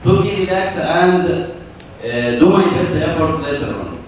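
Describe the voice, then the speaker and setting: Guy, slowish, kinda high voice, echoey hall. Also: very animated, distant mic, a little hiss or hum. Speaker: teacher in the audience.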